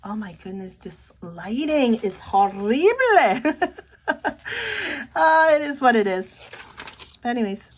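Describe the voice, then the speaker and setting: Middle-aged woman vlogger with a slightly high voice, excitable and chatty. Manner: chatty and excitable, keeps saying "look". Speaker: planner vlogger. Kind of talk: casual show-and-tell chat.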